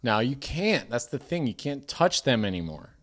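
A man's voice: mid-range voice, big pitch swings, moderate pace, a bit bright. A man in his thirties co-hosting a podcast, chatting casually and joking around, slipping into other people's voices when he quotes them. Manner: jokey, puts on voices when quoting people. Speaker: podcast co-host. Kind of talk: casual chat.

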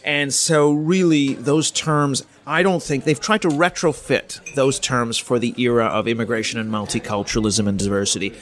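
A middle-aged Canadian politics professor answers interview questions, explaining things in a measured way. He thinks aloud with fillers and restarts, his mid-range voice keeping a fairly even intonation.

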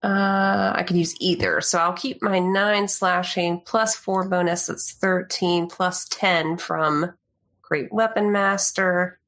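A woman playing a tabletop game, calmly narrating her rolls and damage. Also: fairly low pitch, takes it slowly, poor audio. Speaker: player.

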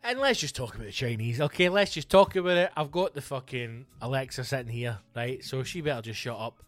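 A man's voice: mid-range voice, animated, a little fast, no room sound. Man, podcast host, sardonic rant, dry close sound, faint music behind. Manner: sweary, sardonic, mimics voices. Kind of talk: profane rant.

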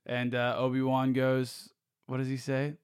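A man co-hosting a podcast, chatting in an animated way with quick opinions and casual swearing. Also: medium pitch, clear, resonant tone, no echo, studio quality. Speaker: podcast co-host. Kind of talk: casual chat.

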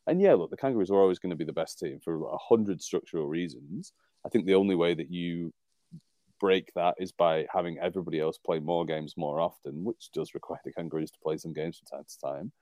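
A man's voice: low voice, brisk, warm tone, no echo. A man from England co-hosting a rugby podcast in casual chat, rambling and wry, often laughing at his own jokes. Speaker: podcast co-host.

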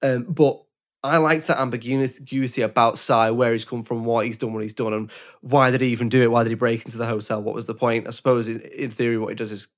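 A man's voice: medium pitch, flat delivery, fast talker. Brief: man, podcast co-host, reflective, hedging delivery. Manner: thoughtful, hesitant, qualifies his points. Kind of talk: casual film discussion.

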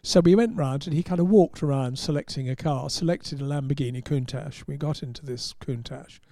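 English man, journalist, wry rambling anecdotes, slightly high, mellow tone. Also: brisk, no room sound, studio quality. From England. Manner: wry, rambling storyteller with restarts. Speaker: motorsport journalist. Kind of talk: casual anecdote on a podcast.

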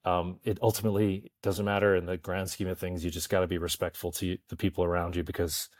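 Canadian guest actor, low voice, easygoing and self-deprecating, quick to laugh. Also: male voice, little pitch movement, a little mellow. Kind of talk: casual interview chat.

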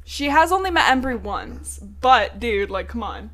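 A woman's voice: on the high side, big pitch swings, a little slow, a bit bright. A woman co-hosting a podcast, casually retelling a book's plot in a loose, chatty way with frequent swearing. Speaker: podcast co-host. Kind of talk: casual book recap chat.

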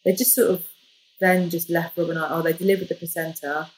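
A woman, a podcast guest, telling a personal story in a lively, jokey way. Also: fairly low pitch, brisk, slight background noise, low-quality recording. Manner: lively, jokey, animated retelling. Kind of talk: casual storytelling.

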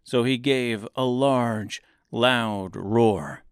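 A man narrating a children's storybook in a measured reading. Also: mid-range voice, clear, resonant tone, no echo, studio quality. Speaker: audiobook narrator.

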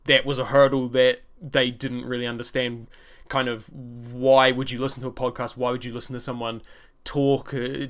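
A young New Zealand man hosts his own casual solo podcast, answering listener questions. His medium-pitched voice has a fairly bright tone, and he rambles with lots of fillers and restarts.

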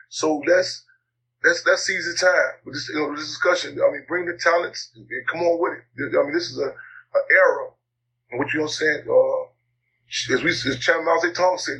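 A man being interviewed, talking casually in a halting way, often repeating words and using fillers, his voice a bit worn. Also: on the high side, steady tone, sharp tone. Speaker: interview guest, activist. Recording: slightly dull lo-fi audio, faint noise.

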